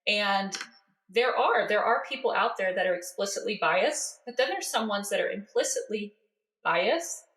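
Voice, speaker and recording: A woman's voice: medium pitch, lively intonation, moderate pace, fairly bright tone. A woman in a roomy, echoing space hosts an interview. She answers her guest casually, affirming what she heard and thinking her way through the point aloud. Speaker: podcast host.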